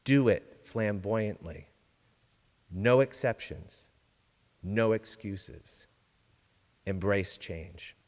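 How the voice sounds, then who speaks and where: A man giving a sermon-style reflection from a church pulpit, measured and deliberate, with dramatic pauses. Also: on the low side, lively intonation, a little mellow, in a large hall. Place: large church sanctuary.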